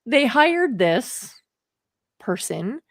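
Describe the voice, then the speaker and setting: A woman's voice: fairly high pitch, very animated, drawn-out words, no room sound, studio quality. A woman co-hosting a podcast, chatty and hedging with giggles. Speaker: podcast co-host. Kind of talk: casual chat.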